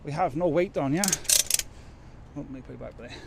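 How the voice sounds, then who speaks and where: A man's voice: fairly high pitch, normal speed, gravelly, heavy background noise. A man chatting casually as he loads his truck outdoors, rambling and joking at his own expense. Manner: chatty, rambling, self-mocking. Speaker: truck driver vlogger. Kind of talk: casual chat while working. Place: outdoors at a loading yard in rain.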